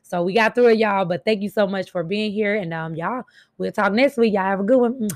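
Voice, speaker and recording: A woman hosting a faith podcast, speaking slowly in a hoarse, out-of-breath voice and calling listeners baby and y'all. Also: medium pitch. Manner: slow, dragging delivery; warm pet names, addresses listeners directly. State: raspy and winded. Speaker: podcast host. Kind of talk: encouraging faith talk.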